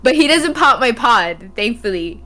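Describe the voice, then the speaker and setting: A woman's voice: a little high, unhurried, faint music behind. Woman cohost on a gaming talk show, chatty and giggly, telling stories. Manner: animated, laughs often while telling stories. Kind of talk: casual chat, storytelling.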